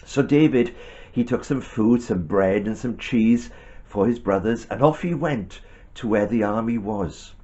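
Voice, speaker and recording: A man telling a Bible story to a child in a gentle, animated way with chatty asides. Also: fairly low pitch, measured pace, dull audio.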